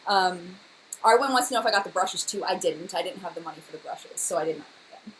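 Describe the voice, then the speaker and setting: A woman's voice: fairly low pitch, quick pace, fairly bright tone, a little hiss or hum, low-quality recording. A young woman hosting a casual live chat, chatty and emotional, talking to her viewers by name.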